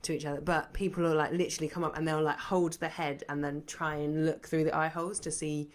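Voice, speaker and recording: A woman's voice: low voice, flat delivery, quick pace. A woman co-hosting a podcast, chatting casually in a rambling way with many restarts. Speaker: podcast co-host. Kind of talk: casual chat.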